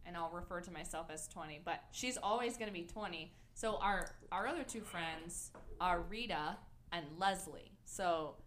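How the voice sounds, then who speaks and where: A woman's voice: fairly low pitch, normal speed, fairly bright tone, slight background noise. A woman who is a guest in a casual podcast chat, laid-back, with short replies.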